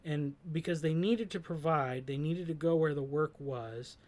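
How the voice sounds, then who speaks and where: Discussing song lyrics as a host, a man gives reflective, hesitant commentary marked by fillers and restarts. He speaks at normal speed in a slightly mellow voice on the high side.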